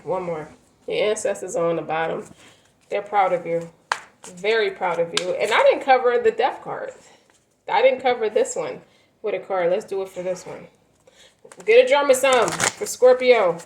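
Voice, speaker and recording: A woman's voice: mid-range voice, expressive, moderate pace, a little hiss or hum, poor audio. A woman doing a tarot reading, talking in a rambling, emphatic way with many fillers and restarts. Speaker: tarot reader. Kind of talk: tarot reading, casual spoken.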